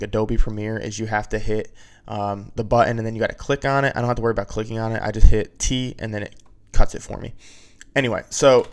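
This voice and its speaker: A man with a clear, resonant, medium-pitched voice teaches video editing in a screen-recorded tutorial. His approach is casual and step by step, and he often checks in with "right?".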